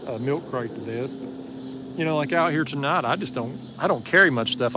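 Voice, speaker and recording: A man's voice: medium pitch, noisy background. A man with an East Tennessee Southern drawl hosts a casual fishing livestream outdoors at night, chatting in a laid-back, folksy, joking way as he answers viewers. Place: outdoors at a marina bank at night.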